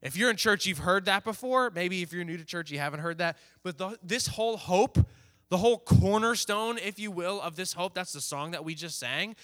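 Bright-voiced man giving a youth sermon. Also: high-pitched, moderate pace. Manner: conversational, plays out teens' inner voices. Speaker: youth pastor.

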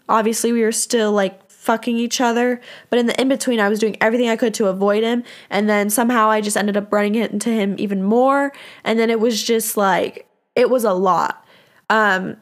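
A young woman from San Diego, California, telling a story on her podcast in an animated, profane, self-deprecating way. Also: fairly high pitch. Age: young adult. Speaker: podcast host. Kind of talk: casual storytelling monologue.

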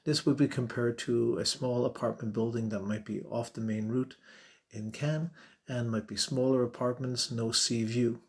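A man hosting a podcast solo, explaining terms in a friendly, unhurried way. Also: medium pitch, fairly even intonation. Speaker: podcast host.

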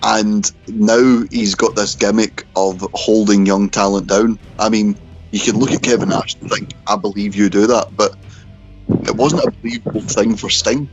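A man's voice: fairly low pitch, fairly even intonation, moderate pace, husky, soft background music. A man hosting a casual podcast chat, hesitant and full of ums and restarts. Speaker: podcast host. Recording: dull lo-fi podcast audio.

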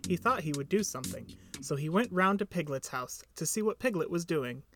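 A man narrating a storybook aloud in an expressive, lilting reading. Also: a little high, a little fast, noisy background. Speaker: reader.

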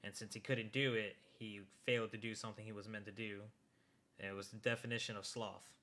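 A young man chats loosely with a friend about an episode he just watched. His voice is bright and forceful. He swears and climbs high when he gets worked up. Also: a little fast. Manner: excitable, swears, rises sharply when worked up. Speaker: podcast co-host. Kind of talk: casual chat recapping an anime episode.

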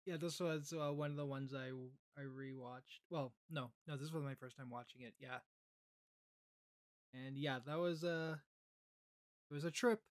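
A woman in a casual chat, soft-spoken and hesitant, trailing off. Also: deep voice, steady tone, moderate pace, pauses often, no echo.

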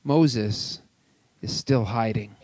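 A man's voice: mid-range voice, extremely slow, a little mellow, no echo. A man preaching a sermon as pastor, reading scripture and adding casual, joking asides. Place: church sanctuary.

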